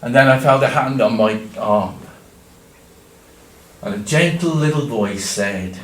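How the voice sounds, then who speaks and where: A man telling a Bible story in the first person in a church, dramatic, swinging from loud cries to hushed tones. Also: mid-range voice, measured pace, pauses often. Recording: echoey church room, distant mic.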